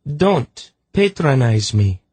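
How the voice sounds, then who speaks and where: A man's voice: sits high, big pitch swings, moderate pace, husky, dry recording, voice pushed up, exaggerated voice. A man voicing a sulky, spirited young queen stuck in bed, petulant and sarcastic. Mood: defiant.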